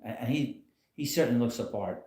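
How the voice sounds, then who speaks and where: A man's voice: mid-range voice, a little fast, mellow. Rambling man in an echoey room. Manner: rambling, blunt, chuckles often. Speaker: channel host. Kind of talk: casual live-stream commentary. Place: home, in a rocking chair.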